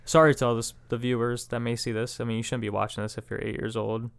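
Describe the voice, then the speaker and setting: A man's voice: mid-range voice, level tone, fast talker, gravelly, clear, resonant tone. A young man co-hosting a podcast, chatting casually and slangily, often saying "bro" and swearing. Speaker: podcast co-host. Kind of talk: casual chat.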